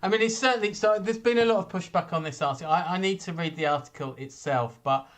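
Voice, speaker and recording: A man's voice: high-pitched, fast talker. A man hosting a chat show, talking casually and hesitantly with many fillers.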